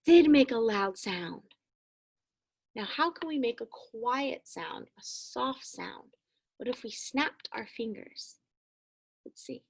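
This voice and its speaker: A woman teaching young children a phonics lesson, speaking slowly and encouragingly and calling them friends. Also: a little high, animated, vocal fry, slightly rough.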